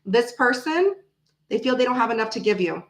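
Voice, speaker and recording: A woman's voice: on the high side, expressive, fairly quick, roomy sound, slight background noise, rough recording. A woman doing a casual tarot reading to the camera, thinking aloud and repeating her phrases as she pulls cards. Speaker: tarot reader.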